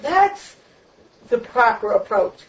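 A woman with a high voice teaches a Torah lecture, driving her points home through repeated, emphatic phrases. She sits well away from the microphone. The recording is muffled and lo-fi. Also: big pitch swings, slow pace. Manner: emphatic, repetitive preaching cadence. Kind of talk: Torah lecture on the weekly portion. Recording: distant, dull lo-fi room recording.

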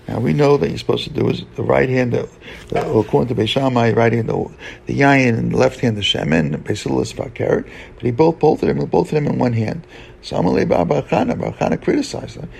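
Guy teaching talmud, husky gravelly voice, keeps stumbling and restarting, hebrew terms all through. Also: medium pitch, darkish tone, poor audio. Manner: halting, with many restarts and fillers; mixes English with Hebrew and Aramaic terms. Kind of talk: Talmud study lecture.

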